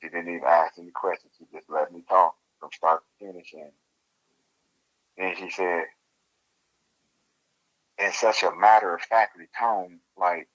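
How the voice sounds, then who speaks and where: A man with a Louisiana accent, telling his story as a guest in a casual interview, in a colloquial and animated way. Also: low voice, measured pace, pauses often, slightly rough, lo-fi sound. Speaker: guest researcher.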